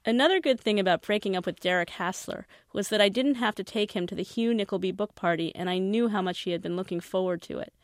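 A woman's voice: mid-range voice, fast, hardly any pauses, no echo, studio quality. Woman reading her novel aloud. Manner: wry first-person narration.

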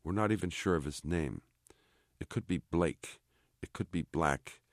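A man reading aloud, voicing a chatty, bossy army sergeant in an offhand, brisk manner. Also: low-pitched, dry recording, studio quality. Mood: explaining. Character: gruff chatty male army sergeant, blunt.

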